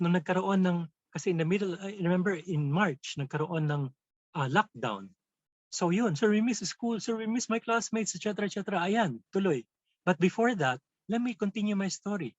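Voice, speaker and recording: A Filipino-accented man tells stories in a lively way to a webinar of teachers, and his voice sits a little high. His audio is dull and lo-fi, recorded close and dry with no room sound. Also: fairly quick, no room sound. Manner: animated storytelling, switching between English and Tagalog. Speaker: teacher trainer. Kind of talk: webinar storytelling lesson.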